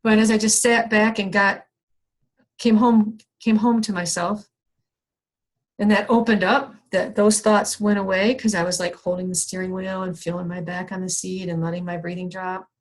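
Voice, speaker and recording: A woman's voice: medium pitch, a little fast, few pauses. Woman leading a reflective video-call workshop. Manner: conversational, reflective, frequent fillers and restarts; acts out her own past frustration with raised excited voice. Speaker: workshop facilitator. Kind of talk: online wellness workshop talk.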